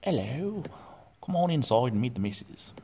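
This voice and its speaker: An American man voicing a cheery old-fashioned English gentleman in a put-on English accent, exaggerated and jolly. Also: medium pitch, very animated, normal speed, creaky, breathy edge, pitched above the performer's own voice, heavily acted.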